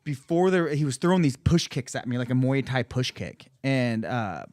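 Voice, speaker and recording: A man's voice: medium pitch, expressive, moderate pace, darkish tone, no room sound. A man telling a long personal story in casual podcast chat, full of profanity and acted-out quotes in a raised voice.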